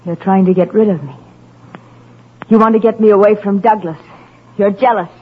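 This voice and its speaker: A woman's voice: medium pitch, fairly even intonation, moderate pace, breathy edge, lightly acted. A woman playing a neurotic, possessive young woman in a radio drama, pleading and intense. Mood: accusing, hysterical. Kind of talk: 1940s radio acting. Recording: tinny old radio broadcast with faint hiss.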